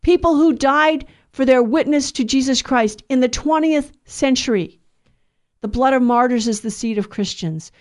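A woman's voice: high-pitched, moderate pace. Earnest middle-aged woman preaching. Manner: earnest, conversational preaching with restarts. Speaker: Catholic speaker. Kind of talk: spoken religious talk.

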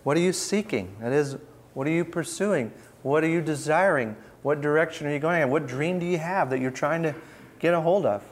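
A man giving an informal Bible teaching, conversational and reflective, with pauses and restarts as he reads verses aloud. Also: a little high. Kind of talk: informal teaching talk with scripture readings.

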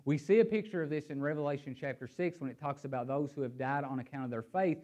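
A male preacher with a slightly high voice delivers a sermon and reads scripture aloud. His emphasis rises and falls, and he sometimes repeats words while he gathers his thoughts. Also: fast talker, dull audio. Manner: animated, rising and falling emphasis.

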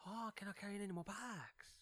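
A nagging, demanding young woman, as a man puts her on, whining in a high, mocking voice. The voice is raised well above his usual pitch. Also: fairly quick, a bit bright, no echo. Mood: whiny.

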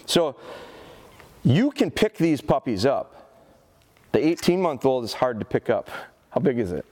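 A man in his forties giving a live dog training seminar, telling stories in an animated, folksy way and speaking to the audience. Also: medium pitch, unhurried. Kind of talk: live seminar talk with demonstration. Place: seminar hall at an outdoor show.

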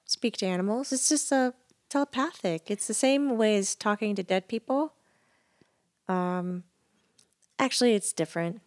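A woman's voice: mid-range voice, normal speed, long pauses. A middle-aged woman co-hosting a podcast, telling funny stories in casual chat and laughing often. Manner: giggly, animated storyteller. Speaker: podcast co-host, medium.

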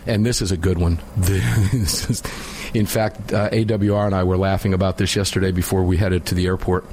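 A man's voice: low voice, fairly even intonation, a little fast, a little mellow, slight background noise. A man hosting a talk radio show, opinionated and sarcastic, chatting casually with a co-host. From United States. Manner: opinionated, sarcastic, laughs while mocking.

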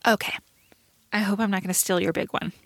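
A woman co-hosting a podcast in casual chat, talkative and quick to laugh, with lots of "like" in her speech. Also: mid-range voice, fairly even intonation, a bit bright, dry recording. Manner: chatty, laughs often, says "like" a lot. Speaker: podcast co-host reviewing a TV movie.

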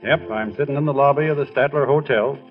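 A man playing an earnest, bashful young ballplayer in 1940s radio acting, his voice husky on a tinny old broadcast. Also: medium pitch, quick pace, faint music behind, lightly acted.

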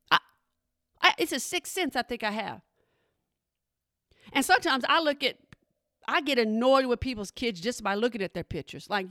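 A woman's voice: on the high side, fairly bright tone, dry recording, clean studio sound. A middle-aged woman and mother, chatting in a sassy, emphatic monologue straight to her listeners. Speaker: parent monologue host. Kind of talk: casual chat monologue.

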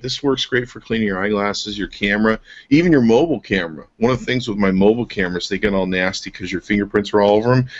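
Low-voiced guy hosting a podcast, excited and jokey about some gear, kinda dull lo-fi sound. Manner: enthusiastic, joking, laughs often. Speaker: podcast host. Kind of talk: casual product chat.

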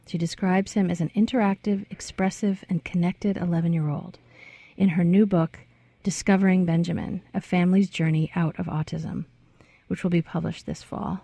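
Woman radio interviewer, mellow and slightly low, dry studio sound. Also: moderate pace, vocal fry, dry recording. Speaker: radio show host.

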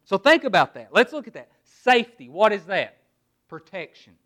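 A man preaching a sermon in a noticeably high voice. He stresses words one by one and poses rhetorical questions, then drops quiet and low to land his key points. He sounds middle-aged. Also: sing-song, normal speed. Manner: emphatic preaching, word-by-word emphasis, rhetorical questions. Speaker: pastor.

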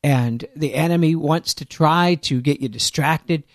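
A man's voice: fairly high pitch, a little slow, no echo, clean studio sound. A man preaching a sermon in an earnest, emphatic way, with conversational asides to his listeners.

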